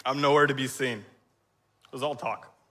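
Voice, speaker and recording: A man in his thirties delivers a sermon testimony from a church stage, his voice bright and forward on the stage mic. He is crying as he talks, halting often and clearing his throat between phrases. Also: medium pitch, steady tone. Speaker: church speaker.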